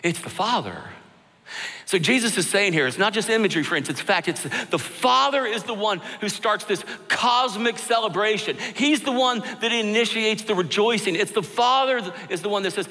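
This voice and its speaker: A man's voice: sits high, moderate pace, sharp tone. A middle-aged male pastor preaching a sermon with fervor, repeating phrases for emphasis, in a large church. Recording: long church hall reverb.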